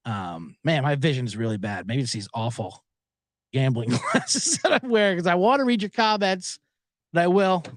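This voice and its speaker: An American man hosts a solo podcast from a cramped booth, rambling and cursing at himself. His pitch swings widely and sits a little high for a man. The sound is dry and close, with no room echo. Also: expressive, moderate pace. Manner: self-deprecating, profane, digressive. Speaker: podcast host. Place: small booth.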